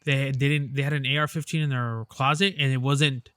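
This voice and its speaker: A man's voice: mid-range voice, fairly even intonation, a little fast, fairly bright tone, clean tone, dry recording, studio quality. Rambling man in casual podcast chat. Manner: rambling, hesitant, lays out hypothetical scenarios. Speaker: podcast co-host.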